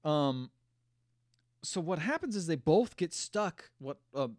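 A man's voice: a little high, slow, dry recording, studio quality. A man casually recapping a film on a podcast, acting out the characters' lines with swearing and mock voices. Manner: animated storytelling, acts out lines with mocking quotes, swears. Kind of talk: casual chat.

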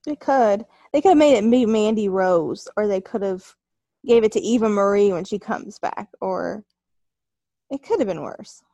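A woman's voice: medium pitch, moderate pace, mellow, dry recording. A woman co-hosting a casual chat, answering in a reassuring, soothing way.

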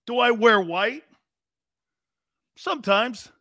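A man hosting a sports talk show, telling rambling, profane stories in a loud, brash way. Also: high voice, lively intonation, normal speed, no echo, studio quality. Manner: loud, brash, profane storytelling with acted-out quotes.

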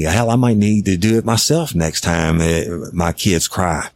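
A man's voice: low-pitched, moderate pace, dry recording. A middle-aged man, a former detective bluntly telling a case story with profanity and acting out the dialogue. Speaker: retired detective recounting a case. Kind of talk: casual storytelling.

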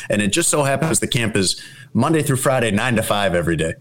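A man's voice: lowish voice, lively intonation, racing. Easygoing man chatting on a podcast. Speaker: podcast co-host. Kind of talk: casual chat.

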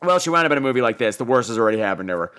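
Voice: medium pitch, expressive, racing, fairly bright tone, clear, resonant tone. A podcast host ranting sarcastically about a bad movie, swearing freely and repeating words for emphasis.

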